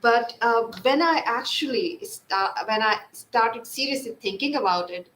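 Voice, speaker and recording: A woman psychologist being interviewed, speaking softly with many fillers and restarts. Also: a little high, animated, unhurried. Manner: soft-spoken, frequent fillers and restarts. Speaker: guest psychologist. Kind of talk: live interview. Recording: echoey room with faint noise.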